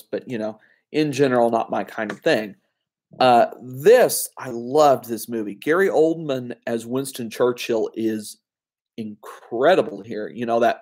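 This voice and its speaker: A man with an ordinary mid-range voice, medium in pitch and a little mellow, reviews films on his own in a loose, chatty way. As a solo reviewer, he wanders through his opinions with frequent fillers and small asides.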